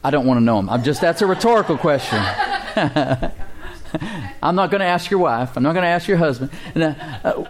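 A man's voice: a little high, lively intonation, fairly quick. A man preaching a sermon to a congregation in a conversational style, asking for amens and chuckling between points. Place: church congregation.

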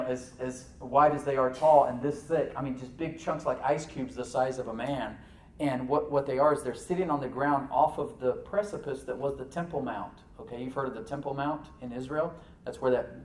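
A man preaching a sermon as pastor, animated, with rhetorical questions and soft asides to the congregation. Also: medium pitch, reverberant, recorded from a distance, slight background noise, rough recording. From United States.

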